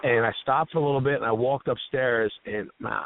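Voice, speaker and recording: A man's voice: mid-range voice, a little fast, phone-quality sound, a little hiss or hum. A man hosting casual radio talk, telling stories in an earnest, emotional, heartfelt way. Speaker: host.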